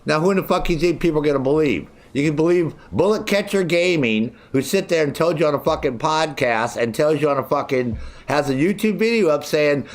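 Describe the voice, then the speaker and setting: A man's voice: on the high side, fairly quick, few pauses. Angry profane man in his sixties. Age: 60s. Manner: mimics others in mocking voices. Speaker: game streamer. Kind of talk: profane live-stream rant.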